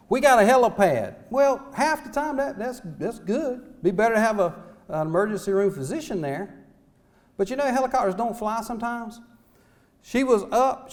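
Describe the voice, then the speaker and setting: A middle-aged man speaks as a small-town mayor, pleading his case before a conference audience. His voice sits high for a man, and he drives his points home with folksy phrasing and rhetorical questions. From North Carolina. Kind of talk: impassioned public speech. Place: conference hall.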